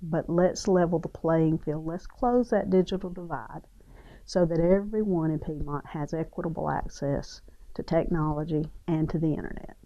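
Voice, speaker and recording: Woman, school leader, dark gravelly tone, measured delivery, muffled audio. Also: low voice. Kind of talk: documentary interview.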